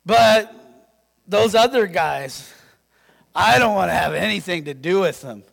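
A man from Yakima preaching a sermon as pastor, animated and conversational, checking in with his listeners. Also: high-pitched, measured pace, gravelly. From Yakima, Washington. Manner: animated, conversational, keeps asking "right?". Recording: long reverb in a hall.

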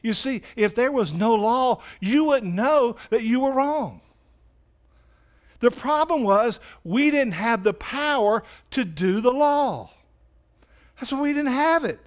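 A man preaching a sermon in a church, animated, swinging from loud emphasis to quiet asides. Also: takes it slowly. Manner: animated preaching, rises loud for emphasis then drops low. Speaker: pastor. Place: church sanctuary.

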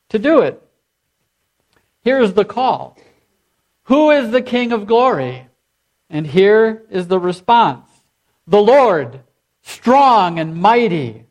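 A man preaching a sermon as pastor, leading his congregation in call and response. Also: sits high. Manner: leads the congregation in repeated chanted responses.

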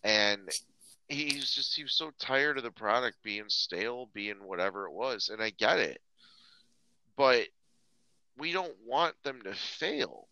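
A man's voice: mid-range voice, lively intonation, unhurried, bright, forceful tone, dry recording, lo-fi sound. A man co-hosting a podcast, ranting in a casual, profane way, stammering and restarting often. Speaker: podcast co-host.

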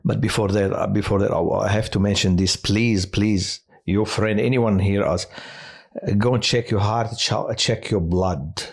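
A man who works as a hospital chaplain tells personal stories in a halting way, with many restarts and fillers. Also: fairly low pitch, steady tone, creaky. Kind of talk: personal testimony on a podcast.

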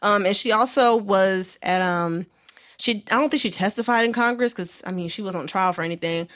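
A young woman co-hosting a casual podcast, chatting in an animated, slangy way with quick asides. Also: medium pitch. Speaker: podcast co-host.

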